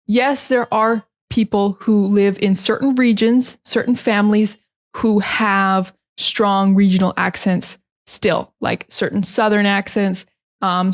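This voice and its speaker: A young woman from the United States with a standard American accent speaks close to the microphone. She chats in a calm, relaxed podcast style, teaching English with easy fillers and an even, friendly pace. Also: mid-range voice, gravelly.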